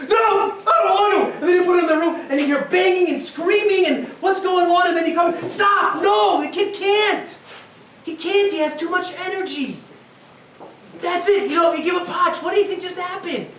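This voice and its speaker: A high-voiced man in his thirties delivers a lively parenting lecture as a rabbi, often laughing and acting out voices. He sounds a little distant from the mic, and the room echoes around him. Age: 30s. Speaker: rabbi, guest speaker. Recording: roomy, from a distance, faint noise.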